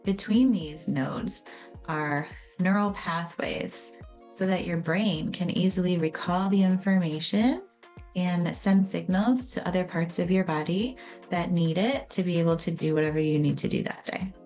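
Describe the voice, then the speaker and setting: A woman with a fairly low voice talks through how the brain stores memories. Her tone is casual and conversational, and she slips into acted-out moments to make her points. Soft music sits faintly underneath. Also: a little slow. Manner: casual, conversational, acts out little scenes. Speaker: educator explaining memory and trauma. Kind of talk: explanatory video talk.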